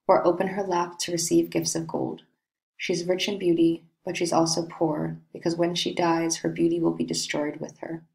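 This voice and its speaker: A woman reading the part of a brooding, lovesick young nobleman in a play, in a slow, dreamy way. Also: lowish voice, lightly acted, low-quality recording.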